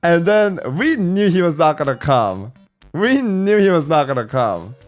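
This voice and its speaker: A man's voice: on the high side, a little slow, faint music behind. A young man from California, a streamer, telling stories from a trip in a casual, slangy way, swearing now and then and imitating his friends. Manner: animated, slangy, swears, mimics friends in quotes. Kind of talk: casual storytelling vlog.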